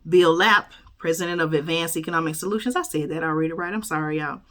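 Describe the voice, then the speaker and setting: A woman's voice: sits low, quick pace, fairly bright tone. A woman, casually reading a news article aloud and commenting on it, often tagging on "okay?" and "y'all" and correcting her slips. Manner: chatty, keeps adding "okay?" and "y'all", stumbles and corrects herself. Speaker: YouTube host reading news.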